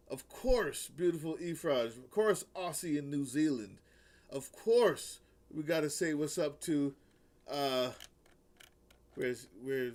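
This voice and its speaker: A man co-hosting a casual talk show, animated and quick to laugh as he reviews rap battles and greets viewers. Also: fairly high pitch. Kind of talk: casual chat.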